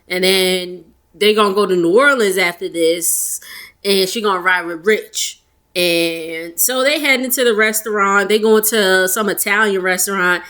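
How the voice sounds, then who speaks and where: A woman's voice: medium pitch, pushed and bright. A young woman with a Southern Texas accent, casually recapping a reality show episode in a gossipy way, laughing often and using Southern slang.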